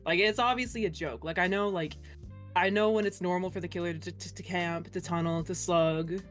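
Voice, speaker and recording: A woman's voice: lowish voice, fairly even intonation, a little fast, soft background music. Chatty woman streamer, laughing easily. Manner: chatty, laughing often, lots of filler "like". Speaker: guest streamer. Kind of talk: casual interview chat.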